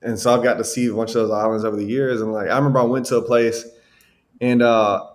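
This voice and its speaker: A man's voice: medium pitch, fast. A man from Alabama, telling casual stories as a podcast guest. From Alabama, USA. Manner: animated storyteller, acts out quoted people, says bro and like. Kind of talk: casual storytelling.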